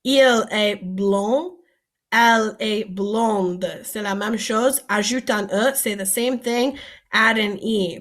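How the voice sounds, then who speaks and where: A woman teaches a recorded vocabulary lesson in a slightly high voice. She explains each word patiently and slowly, and she pauses to ask her students questions. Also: fairly bright tone. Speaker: French teacher.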